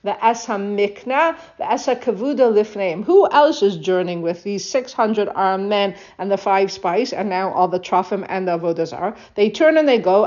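A woman teaching a Bible text, reading each Hebrew verse and then explaining it in English with animated retelling. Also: medium pitch. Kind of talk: text study lesson, translating verse by verse. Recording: dull lo-fi recording.

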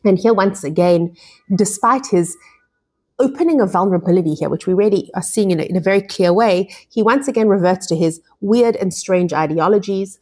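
A woman's voice: medium pitch, a little fast, a little mellow, breathy edge. A woman teaching a Torah lesson, explaining each verse and restarting phrases as she goes. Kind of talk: scripture lesson.

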